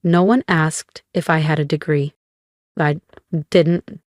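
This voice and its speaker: A woman narrating a first-person story in a measured, cool manner with dramatic pauses. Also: low voice, steady tone, dry recording, clean studio sound.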